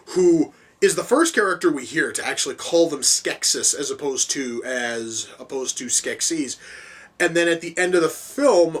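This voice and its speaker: A man's voice: on the high side, fairly bright tone, recorded from a distance. A man giving a casual spoken film review, rambling with many restarts, fillers and the odd swear word.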